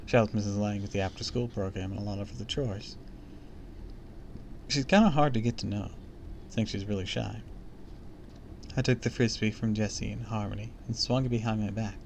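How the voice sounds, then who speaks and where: A man's voice: fairly low pitch, a little fast, gravelly, long pauses, slight background noise. Chatty man reading a book aloud. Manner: chatty, comments and jokes between passages. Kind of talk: casual read-aloud with asides.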